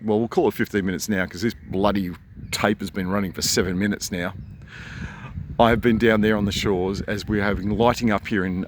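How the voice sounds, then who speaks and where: A low-pitched Australian man vlogs from a seashore at sunrise, with the camera held in his hand. He rambles in a chatty way, and his sentences rise at the end. A faint outdoor hiss sits behind his voice. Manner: rambling and chatty, with rising inflection at sentence ends. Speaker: vlogger. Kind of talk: casual to-camera vlog. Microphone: handheld camera.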